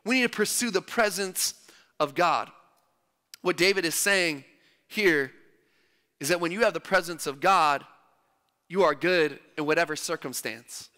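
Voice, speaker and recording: A man's voice: on the high side, unhurried, pauses often, bright, forceful tone. A man preaching a sermon in a church, emphatic and repeating his phrases for stress. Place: church hall. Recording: long church-hall reverb.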